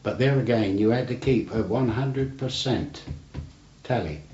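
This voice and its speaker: On roomy, dull archival tape with faint hiss, an elderly man who served in the navy rambles through his stories for an oral history interview. He speaks at a medium pitch with a measured pace and darkish tone, frequently adding "you see".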